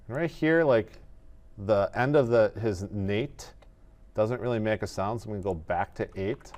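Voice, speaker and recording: Guy with a lowish voice explaining animation steps one by one, laid back. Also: normal speed. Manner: methodical, step-by-step, relaxed. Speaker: animation tutor. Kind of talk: screen-recorded software tutorial.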